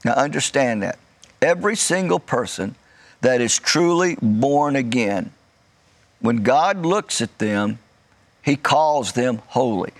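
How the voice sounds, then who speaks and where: Male pastor, gravelly voice, middle pitch. Preaches in a measured way and leans on key words. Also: expressive. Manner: light joking asides. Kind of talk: sermon.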